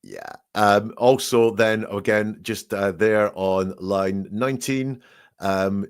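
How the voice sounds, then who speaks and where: Man dissecting word choices, lowish voice. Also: takes it slowly, clear, resonant tone. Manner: reads quotes aloud, then picks apart word choice. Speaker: statement analysis expert. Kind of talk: analytical commentary.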